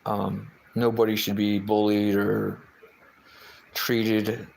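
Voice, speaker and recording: Low-voiced guy on a livestream, ums and restarts everywhere, chatting to viewers. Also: flat delivery, slow pace, gravelly, darkish tone, low-quality recording. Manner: rambling, hesitant, lots of fillers and restarts. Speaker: livestream host. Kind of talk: casual chat, reading out viewer comments.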